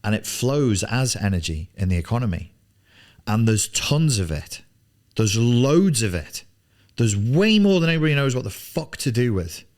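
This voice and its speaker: A man's voice: mid-range voice, sing-song, normal speed, a little mellow. A man in his forties coaching on business in a blunt, emphatic studio monologue, swearing freely and repeating words for emphasis. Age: 40s. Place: television studio.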